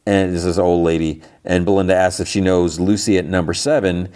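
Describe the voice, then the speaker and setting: A man's voice: low voice, fairly even intonation, brisk, mellow. A man hosting a podcast, casually recapping a TV episode in a rambling way with many fillers and restarts. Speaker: podcast host.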